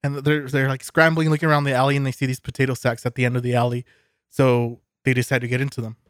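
A man's voice: medium pitch, level tone, fast, no echo, studio quality. A man co-hosting a podcast, telling a joke casually with plenty of swearing. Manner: loose, profane storytelling. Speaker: podcast co-host. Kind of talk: casual chat, storytelling.

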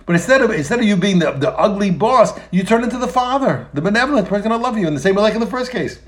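Animated, high-voiced male Torah teacher. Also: racing. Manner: animated and emphatic, repeats phrases and restarts. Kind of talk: explaining a text in a lesson.

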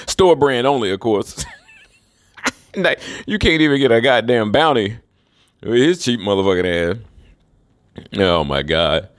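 A man's voice: medium pitch, sing-song, slow pace, long pauses, dry recording. A man rambling through a profane, scornful monologue, chuckling between remarks.

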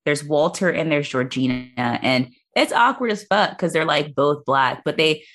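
A woman's voice: low-pitched, expressive, moderate pace, a bit bright. A woman co-hosting a podcast, chatting casually about a movie, swearing freely and laughing often. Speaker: podcast co-host.

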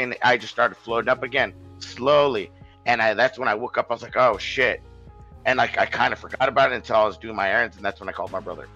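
A man's voice: mid-range voice, quick pace, bright, forceful tone, lo-fi sound, faint music behind. A man telling a long story in a casual podcast chat, rambling, swearing and restarting his sentences.

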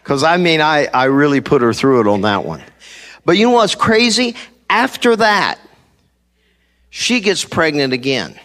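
Middle-aged pastor preaching into a handheld mic, kinda high voice, cracks jokes n acts out the people in his stories. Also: very animated, unhurried, fairly bright tone. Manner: humorous storytelling, acting out quoted people. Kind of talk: sermon. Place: church stage before a congregation.

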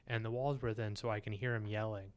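A man's voice: fairly low pitch, fairly even intonation, quick pace. A man co-hosting a film podcast, telling stories and joking in casual chat. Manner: storytelling, joking. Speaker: podcast co-host.

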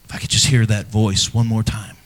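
A middle-aged man, a pastor, preaching a sermon in a church, earnest and personal, swinging from loud emphasis to hushed, near-whispered lines. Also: fairly low pitch, level tone, brisk. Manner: earnest and personal, speaking to fathers.

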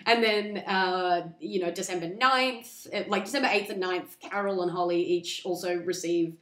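A woman hosting a podcast, chatting casually and rambling as she recaps a film, acting out the characters in quick asides. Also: fairly low pitch, a bit bright, roomy sound. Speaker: podcast host.

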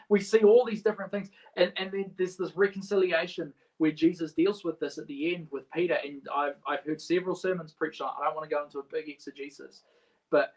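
A man preaching a sermon in a casual, halting way, restarting often and swinging between quiet and loud. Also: sits high, rough recording. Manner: halting, with many restarts and a wide swing in loudness. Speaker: pastor.

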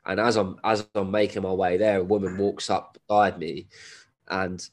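A man's voice: sits low, level tone, moderate pace. A man, telling a story as a podcast guest in a casual, laddish way with plenty of swearing and slang; he has a cold. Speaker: guest, endurance runner.

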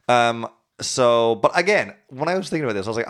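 A man's voice: medium pitch, expressive, fairly quick, fairly bright tone. A man hosting a casual history podcast, telling events with jokes and acting out historical figures in silly voices.

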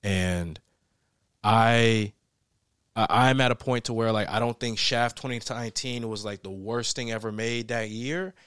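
A young man hosting a casual podcast chat, animated and laughing often as he acts out movie scenes. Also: mid-range voice, measured pace, smooth, dry recording, clean studio sound. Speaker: podcast host. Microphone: podcast microphone.

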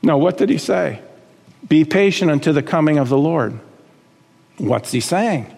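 A man preaching a sermon as pastor, emphatic, climbing high on key words and dropping low again. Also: lively intonation, normal speed, vocal fry, a little mellow, slightly rough, long reverb tail.

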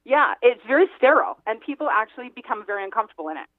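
A woman's voice: fairly high pitch, very animated, rapid-fire, dry recording. A woman real estate agent, a guest on a radio interview, giving home-selling advice in a chatty, emphatic way and often laughing. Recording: tinny phone line.

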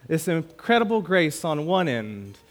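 A man preaching a sermon as pastor, reading scripture aloud and repeating key words with emphatic swings between loud and quiet. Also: fairly high pitch, sing-song. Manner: slow, emphatic preaching with dramatic swings in loudness.

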